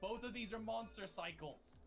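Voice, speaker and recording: A man's voice: high voice, creaky. A man playing a card game on a stream, explaining rules and teasing the other players. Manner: quick, rules-focused, teasing. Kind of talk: casual game-night banter. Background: faint music.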